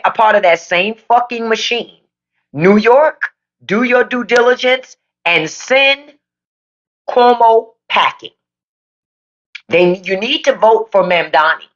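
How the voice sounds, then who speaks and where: A woman hosting a livestream podcast delivers a blunt, profane political rant to her viewers. Her medium-pitched voice is a bit bright, picked up by a phone or desk mic, and the recording is muffled.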